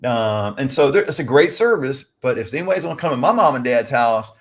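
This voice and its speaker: A man's voice: medium pitch, lively intonation, a little fast. Chatty man rambling advice. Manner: rambling, addresses viewers as guys. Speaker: co-host. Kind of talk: casual advice chat. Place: lives in California.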